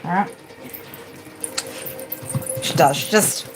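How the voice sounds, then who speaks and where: A woman tarot reader hosts a casual live stream from home, chatting with viewers and addressing her pets by name while swearing freely. Her voice is mid-range and she takes things slowly, with music playing underneath.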